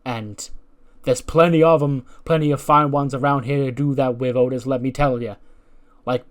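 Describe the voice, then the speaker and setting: A man's voice: mid-range voice, steady tone, moderate pace, close to an everyday voice. A man voicing a cocky, sleazy male wrestler giving dating advice backstage. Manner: slick, cocky, overfamiliar.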